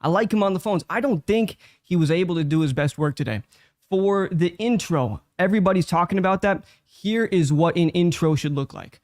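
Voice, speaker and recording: A man with a slightly high voice gives direct, instructive feedback as a judge. His voice sits dry and close to the mic. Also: brisk, darkish tone, no room sound. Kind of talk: critique.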